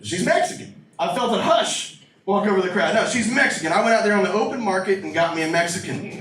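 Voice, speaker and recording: A man's voice: high voice, noisy background. A man performing a stand-up comedy set in a club with a brash, profane, riffing manner. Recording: roomy live club recording from a distance. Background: audience laughter and room ambience.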